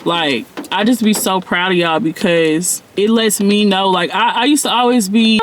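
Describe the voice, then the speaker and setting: A man's voice: sits high, normal speed, few pauses, slight background noise. A man who works as a spiritual mentor, talking casually and directly to his viewers in a loose, rambling, heartfelt way, with lots of slang and fillers. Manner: slangy, everyday speech. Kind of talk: casual direct-to-camera vlog talk.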